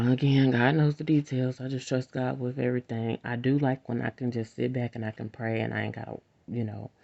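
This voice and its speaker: A woman with a gravelly, fry-edged voice talks in a rambling, frank, casual monologue and laughs often. The recording is dull and lo-fi. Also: rumbling low, fairly even intonation, normal speed, hardly any pauses, a little mellow.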